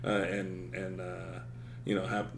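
A man hosting a relaxed podcast chat, spinning long stories full of fillers and casual swearing. The sound bounces around a hotel room, giving it a roomy echo. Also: low voice, unhurried, creaky, a little hiss or hum. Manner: rambling storyteller, swears freely, many fillers. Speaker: podcast host.

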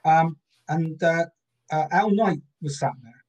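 A man's voice: on the high side, slow pace, rough recording. A Cornish man in his fifties, a guest recalling details precisely, with many hesitant fillers. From Cornwall, England. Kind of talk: casual chat.

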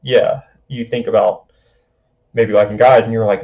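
A man's voice: medium pitch, steady tone, measured pace, warm tone, poor audio. Young man, podcast host, casual monologue, rambling, lots of fillers.

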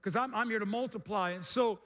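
A middle-aged man preaching a sermon as pastor, energetic, with repeated phrases and calls to the congregation. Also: sits high, brisk. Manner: energetic, repetitive call-and-response preaching.

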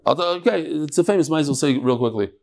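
Man teaching a casual Talmud class, slightly high voice. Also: animated, vocal fry, a little mellow. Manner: explains step by step, with quick asides. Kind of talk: informal Talmud lesson.

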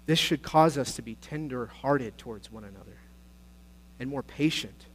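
A man preaching a sermon as pastor, earnest and exhorting, moving between quiet passages and louder, urgent appeals. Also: mid-range voice, moderate pace, slight background noise. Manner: earnest, exhorting, swings between soft and loud.

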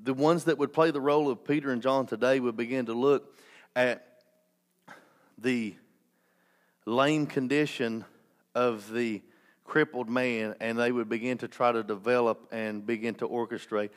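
Man, pastor, sermon, impassioned, restarts, joking asides, middle-pitched voice. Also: fairly even intonation, unhurried, pauses often.

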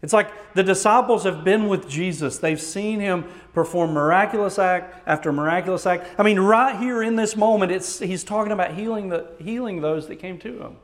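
A pastor with a Texan accent preaches, reading scripture aloud and explaining it with earnest emphasis. He moves between loud stresses and quiet, low passages.

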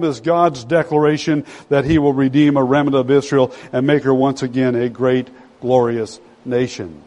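A man's voice: medium pitch, fairly even intonation, moderate pace, few pauses, warm tone, in a large hall. A man preaching a sermon, stressing words and asking the congregation rhetorical questions. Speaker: pastor.

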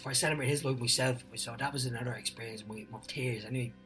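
A man, a guest on a chat podcast, telling stories in an excitable, rambling way and swearing freely. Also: mid-range voice, quick pace, far from the mic, soft background music, poor audio.

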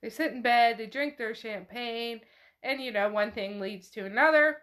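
A woman podcast host with a slightly high, somewhat bright voice talks at normal speed. In this casual book recap she retells a novel chapter, chatty and free with swearing as she narrates the characters' doings.

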